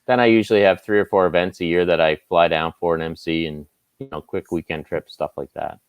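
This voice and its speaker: A man with a Canadian Maritime accent, a sports anchor chatting as a guest in a relaxed, self-deprecating way. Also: low-pitched, a little fast, clear, resonant tone, no room sound, dull audio. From Nova Scotia, Canada. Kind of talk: casual interview chat.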